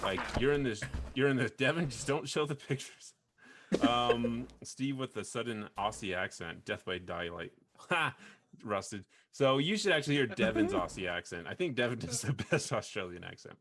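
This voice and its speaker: A man hosting a video game podcast in casual chat, rambling with frequent restarts and quick laughs. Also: mid-range voice, expressive, fairly bright tone. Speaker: podcast host.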